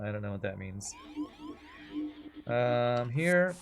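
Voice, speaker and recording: A man's voice: mid-range voice, expressive, slow pace, vocal fry, faint music behind. A man with an East Texas accent chatting casually while playing a game on stream, rambling and reacting to the action. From American South. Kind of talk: casual gameplay commentary.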